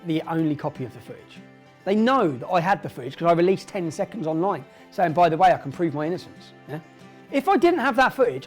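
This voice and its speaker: A middle-aged English man with an emphatic, indignant and repetitive way of talking, speaking straight to camera in a monologue. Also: high voice. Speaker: online commentator.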